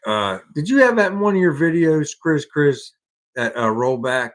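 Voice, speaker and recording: A man's voice: on the high side, expressive, moderate pace. A man with an American accent hosting a casual live car-hobby chat, rambling and restarting his sentences. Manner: rambling, repeats words and restarts often. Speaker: podcast host.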